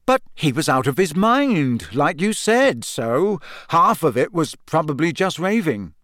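A man voicing an excitable teenage schoolboy in an audiobook, blurting out ideas eagerly. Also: fairly high pitch, normal speed, no room sound, studio quality, voice pushed up. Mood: tentative. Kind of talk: audiobook character voice.

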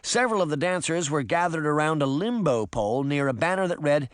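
A man reading a children's adventure novel aloud with expressive, varied narration. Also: on the high side, fairly quick, hardly any pauses, no room sound, clean studio sound. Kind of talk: audiobook narration.

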